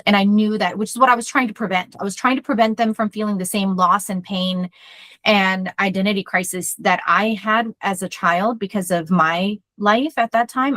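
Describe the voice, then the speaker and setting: A woman therapist co-hosting a podcast, talking in a loud, energetic way as she tells personal stories in casual chat. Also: mid-range voice, no room sound.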